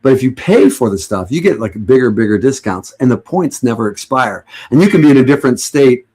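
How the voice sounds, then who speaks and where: A middle-aged livestream host chats casually with his viewers from home, sarcastic and joking as he rambles and keeps restarting his sentences. His mid-range voice is husky and dark-toned, animated and fairly quick.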